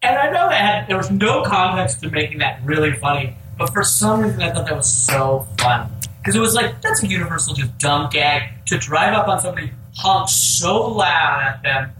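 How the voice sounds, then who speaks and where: A man's voice: on the high side, animated, normal speed, few pauses, roomy sound, recorded from a distance, noisy background. A man co-hosting a podcast, talking animatedly about a movie in casual chat and swearing freely. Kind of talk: casual film discussion.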